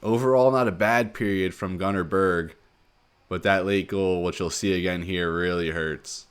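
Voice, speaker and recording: A man giving play-by-play commentary on a hockey video game, calling each play quickly and rising sharply on goals. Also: low voice, clear, resonant tone. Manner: rapid play-by-play, excited surges on goals. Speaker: gaming commentator.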